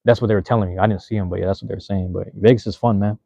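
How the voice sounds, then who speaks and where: Fast-talking, low-voiced young man chatting. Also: fairly even intonation, creaky, dark tone, dry recording, dull audio. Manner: loose, rambling, profane street slang. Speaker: livestream host. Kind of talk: casual livestream chat reading viewer comments.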